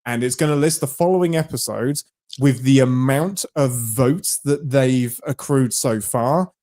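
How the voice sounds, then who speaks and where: A man's voice: medium pitch, unhurried, a little mellow. A man co-hosting a live-streamed podcast, talking casually and animatedly, laughing often and jumping between thoughts. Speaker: podcast co-host.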